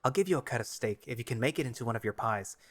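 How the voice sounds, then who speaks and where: A man's voice: mid-range voice, lively intonation, rapid-fire, dry recording, close to an everyday voice. A man voicing a terse black wolf butcher. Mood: calm. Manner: terse, reluctant, clipped replies.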